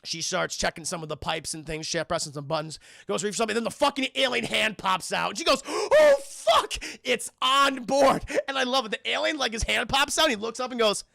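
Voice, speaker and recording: A man streaming a profane, jokey film recap to his chat, in an animated way. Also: sits high, fast, creaky, hardly any pauses, no echo, studio quality.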